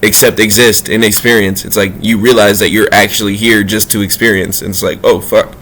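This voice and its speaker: A man talking casually and profanely about spirituality, in loose, slangy street talk that swings between low asides and high, emphatic bursts. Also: level tone, a little fast, pushed and bright, slight background noise. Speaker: spiritual vlogger.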